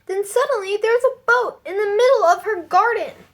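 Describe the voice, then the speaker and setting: A woman's voice: extremely high pitch, a little fast, fairly bright tone. A woman reading a children's picture book aloud in a careful storytelling voice. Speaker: storybook reader.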